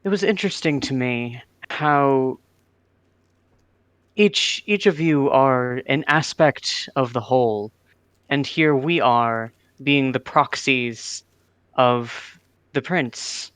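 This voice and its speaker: Guy at a tabletop game, smooth voice, thoughtful. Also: mid-range voice, takes it slowly, a bit bright, no room sound. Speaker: player. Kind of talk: in-character tabletop game talk.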